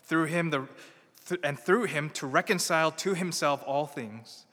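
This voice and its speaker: A man preaching a sermon, swinging between loud emphatic peaks and hushed near-whispers. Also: on the high side, moderate pace, long reverb tail. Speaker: pastor.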